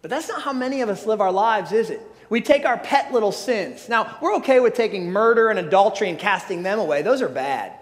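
High-voiced man preaching in a reverberant hall. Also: animated, brisk, few pauses. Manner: earnest, emphatic preaching with frequent restarts. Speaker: pastor. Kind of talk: sermon.

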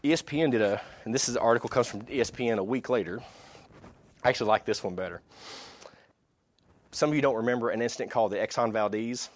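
A man's voice: mid-range voice, fast, long pauses. A man addressing an audience, reading aloud from articles and adding his own asides and restarts.

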